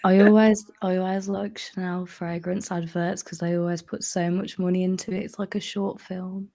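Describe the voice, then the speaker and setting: A woman's voice: lowish voice, level tone, moderate pace, gravelly, mellow. A woman in a casual livestream chat, rambling enthusiastically.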